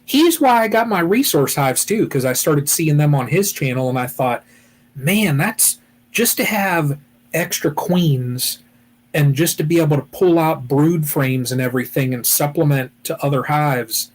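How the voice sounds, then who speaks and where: A man's voice: fairly high pitch, lively intonation, a little slow. A man from Ohio hosting a weekly beekeeping live chat, rambling casually with lots of "you know" and restarts.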